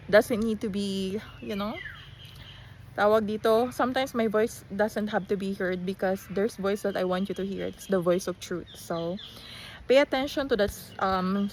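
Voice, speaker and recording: A woman's voice: medium pitch, slight background noise. A woman with a Filipino accent, just woken up, talking in a casual rambling monologue full of restarts, fillers and switches into Tagalog phrases. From Philippines.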